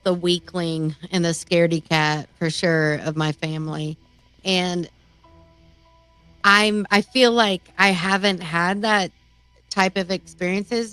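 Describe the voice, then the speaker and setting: Female panelist, mid-pitched, dry close sound, faint music behind, candid and halting. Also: fairly bright tone, clear, resonant tone, no room sound, rough recording. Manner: candid, hesitant, with fillers. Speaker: panelist on a live talk show. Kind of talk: casual chat.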